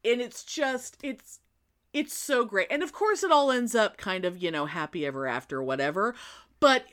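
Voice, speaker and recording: A woman retelling a film in casual chat, animated and rambling, often restarting her sentences. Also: on the high side, normal speed.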